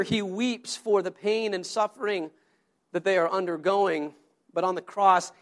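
A male pastor giving a conversational sermon, asking the congregation questions and often repeating his words. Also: extremely high pitch.

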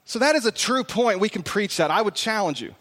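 A man's voice: high voice, animated, fairly quick, a bit bright. A man preaching a sermon as pastor, earnest and searching, building to emphatic peaks. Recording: long reverb of a large hall.

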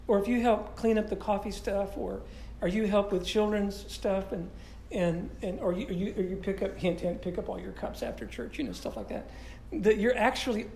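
A man with a stuffy, congested nose delivers a sermon as pastor, casual and animated, often doubling back on his words. His voice rings around a reverberant church room. A faint background ambience sits under him. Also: sits high, a little hiss or hum. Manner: animated, conversational preaching with frequent restarts. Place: church sanctuary.

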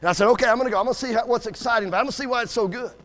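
A man's voice: extremely high pitch, very fast, a bit bright, big-room sound. A man preaching a sermon as a guest speaker, telling joking stories and calling for amens. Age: adult with school-age kids. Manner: folksy, joking storyteller with call-and-response amens. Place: church sanctuary.

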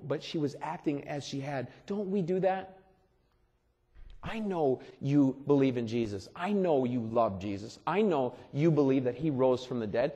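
A pastor preaching a sermon in a conversational way, repeating phrases and swelling loud for emphasis. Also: male voice, medium pitch. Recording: long reverb of a large hall.

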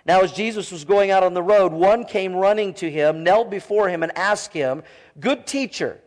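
Pastor guy in his 40s preaching at church, lively, voice sits up high. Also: normal speed. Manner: animated preaching with quoted child voices. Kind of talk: sermon.

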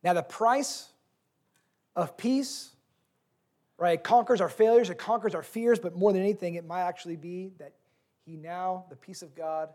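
A man's voice: high voice, normal speed, warm tone. A man in his thirties preaching a sermon as pastor, telling stories with earnest, varied emphasis.

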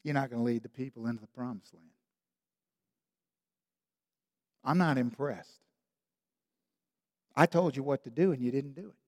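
Preacher as a calm stern deity, terse and quiet, long hall echo. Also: male voice, medium pitch, brisk, pitched below the performer's own voice, lightly acted. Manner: flat, terse commands. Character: calm, stern male divine voice.

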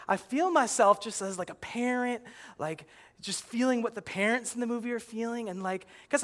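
Bright-voiced young man doing stand-up. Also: sits high. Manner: animated storytelling, acts out yelling at the screen. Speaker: stand-up comedian. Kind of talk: stand-up comedy routine.

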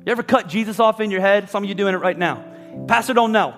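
A man with a high voice preaches a passionate sermon, slipping into the voices of his listeners and of Bible figures. His voice rings out through a large church hall with a long reverb, and soft instrumental music plays underneath. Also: racing. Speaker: pastor. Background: faint instrumental music.

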